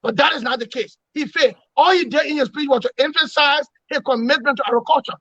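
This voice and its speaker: A man giving forceful political analysis in an interview, emphatic and repetitive, lecturing his points. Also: very high voice, fast, dry recording, lo-fi sound. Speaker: opposition commentator.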